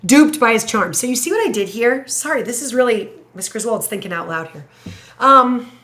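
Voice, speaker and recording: A woman teacher thinking out loud as she writes an essay paragraph, musing, hesitating and correcting herself as she goes. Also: a little high, lively intonation, moderate pace. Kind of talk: thinking aloud while writing an essay paragraph.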